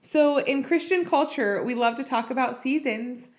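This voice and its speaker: A woman's voice: high voice, moderate pace. A woman hosting a podcast, speaking in a heartfelt, personal and encouraging way about faith and marriage. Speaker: podcast host. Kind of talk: earnest faith-based marriage talk.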